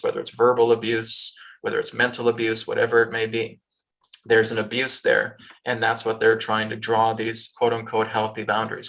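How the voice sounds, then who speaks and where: Give me a bright, gravelly man teaching a healing class over a video call, flat in tone and a bit away from the mic. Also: mid-range voice. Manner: repeats "right?" and "okay?" as checks; acts out worried and pushy people in raised voices. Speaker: spiritual teacher. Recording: distant video call audio.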